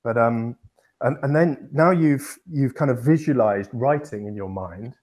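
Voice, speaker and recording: A man's voice: mid-range voice, measured pace, a little mellow. Man explaining in a rambling chat. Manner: rambling, with fillers and restarts. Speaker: podcast co-host.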